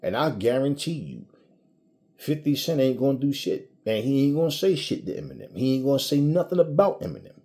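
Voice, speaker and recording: A man's voice: medium pitch, big pitch swings, a little fast, dark tone. A man ranting to his audience in a casual, blunt, profane way, often restarting his sentences. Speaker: commentator. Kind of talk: casual rant to camera.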